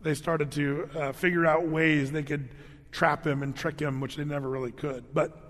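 Brief: male preacher, high-pitched, lively and questioning, recorded with a hall echo. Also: normal speed. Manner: animated storytelling, rhetorical questions to listeners. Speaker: pastor. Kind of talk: sermon. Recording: long hall reverb.

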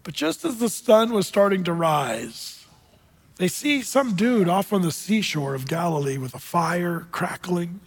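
A man with a high voice preaches to a congregation, telling stories dramatically and swinging from loud to hushed. His voice carries through a large hall with a long reverb. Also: expressive, measured pace, husky. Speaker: pastor. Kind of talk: sermon. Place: church sanctuary with congregation.

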